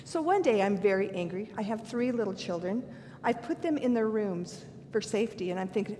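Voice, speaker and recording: An older woman preaches a sermon in a dark-toned, expressive voice at a fairly quick pace, earnest and candid as she weaves scripture together with self-deprecating stories from her own life. The recording carries a long hall reverb and a faint rumble.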